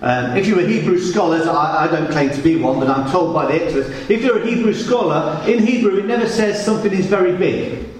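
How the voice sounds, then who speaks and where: A man's voice: sits high, brisk. A man preaching a sermon with emphatic repetition, recorded from a distance in a church hall. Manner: emphatic, repeats words for weight. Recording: echoey hall, distant mic.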